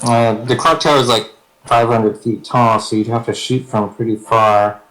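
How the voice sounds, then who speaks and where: A man's voice: medium pitch, level tone, moderate pace, a bit bright, low-quality recording. A man playing in a tabletop game, casually talking through his plans. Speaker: player. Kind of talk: casual tabletop play online.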